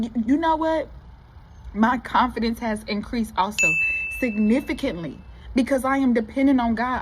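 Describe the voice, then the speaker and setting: A woman giving an animated motivational talk to her viewers, calling them baby and y'all. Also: a little high, a little hiss or hum, rough recording. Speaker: motivational vlogger. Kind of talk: casual motivational talk to camera.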